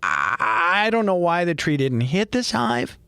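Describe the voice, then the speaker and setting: A man's voice: a little high, very animated, slow, gravelly, pushed and bright, smooth, no echo, clean studio sound. A middle-aged man with a Boston accent, hosting a podcast and telling a personal story in a chatty, laughing way. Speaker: podcast host. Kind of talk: casual podcast monologue.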